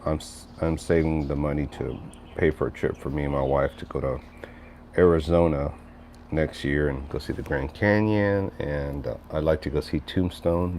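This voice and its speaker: A man's voice: extremely low pitch, a little mellow, slight background noise. A middle-aged man rambling casually on a livestream, reading chat messages aloud and answering viewers. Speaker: livestream host.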